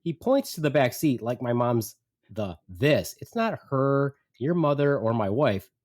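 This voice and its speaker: Animated male storyteller, lively pitch. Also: a little slow. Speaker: podcast host. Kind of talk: storytelling, casual chat.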